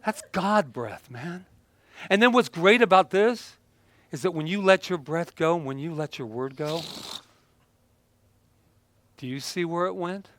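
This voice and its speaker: This is a playful man giving an energetic motivational talk with props, laughing frequently and letting out abrupt exclamations. His pitch is fairly high, and he speaks unhurriedly with frequent pauses.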